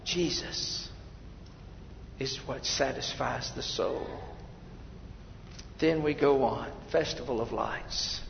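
A man preaching a sermon as pastor, swinging between loud, emphatic reading and quiet, intimate asides to his listeners. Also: mid-range voice, slow, creaky, pauses often, slight background noise. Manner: addresses listeners as beloved. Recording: long hall reverb, dull lo-fi sound.

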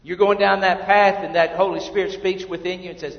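A man preaching a sermon as pastor, swinging between hushed, drawn-out asides and emphatic, rising swells. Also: high voice, fairly even intonation, vocal fry. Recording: echoey hall, slightly dull sound.

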